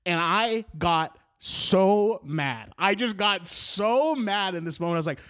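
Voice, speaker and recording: A man in his twenties casually telling a funny personal story on a podcast, animated, laughing through his words and swearing freely. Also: high-pitched, moderate pace, few pauses. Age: 20s.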